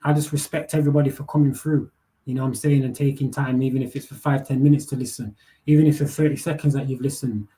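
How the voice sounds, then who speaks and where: A man's voice: mid-range voice, fairly even intonation, quick pace, mellow. A young man, hosting a live panel and ranting bluntly with heavy swearing, street slang and repeated words. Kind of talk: casual rant.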